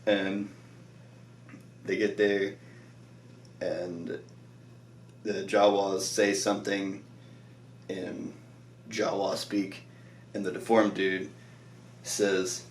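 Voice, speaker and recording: A man's voice: deep voice, flat delivery, very slow, pauses often, far from the mic, slight background noise. Rambling tired man in an echoey room. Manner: rambling, lots of "like", laughs often. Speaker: show recap vlogger. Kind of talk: casual episode recap.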